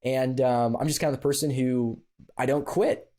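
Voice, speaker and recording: A man guest on a podcast, telling a personal story in a casual, animated way with frequent laughs and fillers. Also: medium pitch, normal speed.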